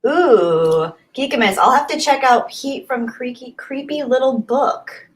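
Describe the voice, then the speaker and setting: A woman hosts a relaxed livestream and reads viewer comments as they come in. She talks in an earnest, thankful way. Her answers ramble, with plenty of fillers and restarts. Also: high-pitched, measured pace. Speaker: YouTube livestream host. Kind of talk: casual chat reading viewer comments.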